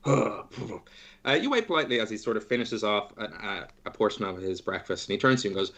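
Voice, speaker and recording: A man's voice: lowish voice, animated, quick pace, fairly bright tone. A man narrating a tabletop game as game master in a playful, rambling way.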